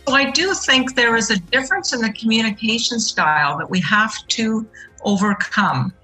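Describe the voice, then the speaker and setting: Bright-voiced middle-aged woman explaining earnestly. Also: fairly high pitch, lively intonation, moderate pace, faint music behind, poor audio. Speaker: guest. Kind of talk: interview answer.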